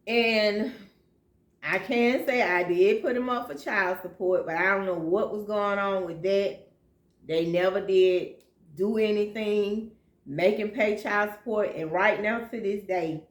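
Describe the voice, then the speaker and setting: Woman, personal storytelling vlog, heartfelt and emotional, unhurried, roomy echo. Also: mid-range voice. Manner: heartfelt, emotional, slow and plain-spoken. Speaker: vlogger telling her life story.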